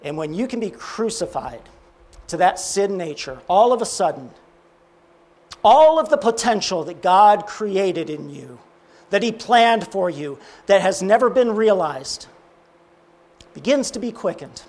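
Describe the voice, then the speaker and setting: A man preaching, telling a parable and acting out its dialogue, often dropping low and quiet. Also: sing-song, unhurried. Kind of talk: sermon storytelling.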